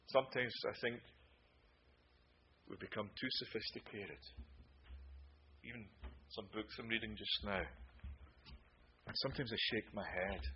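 A man preaching a sermon with emphasis, moving between loud declarations and hushed asides. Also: lowish voice, dull audio, a little hiss or hum.

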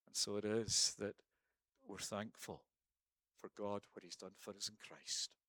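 A man's voice: fairly low pitch, flat delivery, measured pace, pushed and bright, no room sound. A man preaching a sermon and then leading a prayer, emphatic, with rhetorical questions and repeated phrases.

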